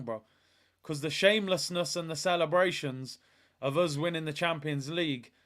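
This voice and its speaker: A young man hosting a live football watch-along, talking in excitable, slangy banter as he reacts to the match. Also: a little high.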